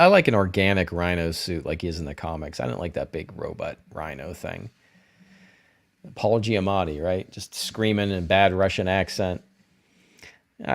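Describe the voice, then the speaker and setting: A middle-aged man hosting a live stream, rambling casually and answering viewers' chat comments. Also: fairly low pitch.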